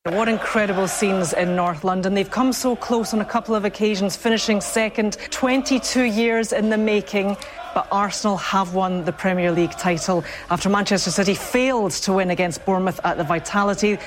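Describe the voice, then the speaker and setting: A woman sports reporter delivering a lively news report. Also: mid-range voice, brisk, background noise.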